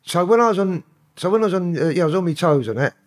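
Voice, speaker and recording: London man, podcast guest, husky and coarse-spoken, sweary storyteller. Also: high-pitched, lively intonation, very fast. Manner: profane, rambling street talk. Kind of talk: casual storytelling interview.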